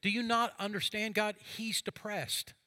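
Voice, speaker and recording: A man, a pastor, preaching a sermon, moving from fervent passages to hushed quiet ones and reading scripture aloud with drama. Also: sits high, fairly even intonation, unhurried, no room sound.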